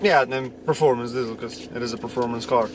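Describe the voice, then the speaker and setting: A man's voice: mid-range voice, fairly even intonation, fast, far from the mic. A man chatting casually on a road trip, joking while reading out fuel numbers. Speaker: vlogger. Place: inside a moving car. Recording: car noise, voice from off-mic.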